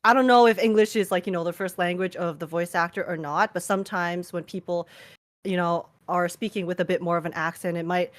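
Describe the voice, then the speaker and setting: A woman guest in a casual podcast chat, easygoing and quick to laugh. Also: on the low side, fairly even intonation. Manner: giggly and easygoing.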